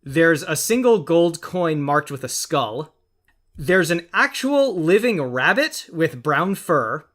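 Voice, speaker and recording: A man serving as game master, describing scenes in steady, detailed narration with the odd filler. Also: on the high side, takes it slowly.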